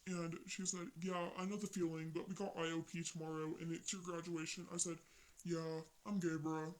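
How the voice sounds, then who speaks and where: Young vlogger, casual storytelling, slangy, rambling, mid-pitched voice. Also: little pitch movement, normal speed, low-quality recording. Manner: slangy, rambling retelling of text chats.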